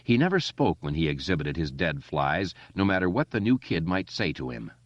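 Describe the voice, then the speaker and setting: A man narrating an audiobook in a steady, expressive storytelling way. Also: sits low, moderate pace, no echo. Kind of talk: scripted narration. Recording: dull lo-fi dry recording.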